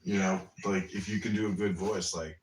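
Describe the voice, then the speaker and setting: A man's voice: low voice, steady tone, normal speed. A male podcast host, blunt and joking in chat, who also reads stories aloud. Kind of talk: casual chat and story reading. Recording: roomy, distant mic.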